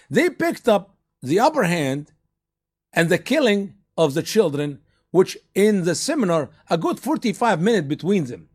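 A man teaching a church study group, emphatic and sarcastic, pushing his voice up into loud peaks. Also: sits high.

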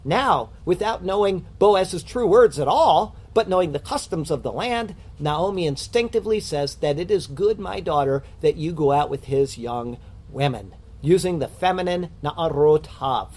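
Husky guy preaching, earnest teaching sermon, kinda high voice. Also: animated, normal speed, a little mellow. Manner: earnest, questioning teaching with scripture readings. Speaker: pastor.

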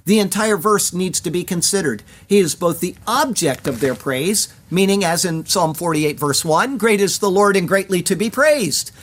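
A Bible teacher with a medium-pitched, animated voice moves verse by verse through scripture in a measured, deliberate sermon style. Hebrew words are carefully pronounced, and from time to time the teacher addresses the audience with a direct question.

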